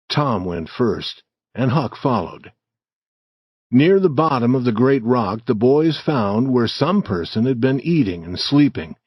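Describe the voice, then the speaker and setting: A man narrating an audiobook story for English learners in a slow, clear, deliberate reading. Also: mid-range voice, no room sound, muffled recording.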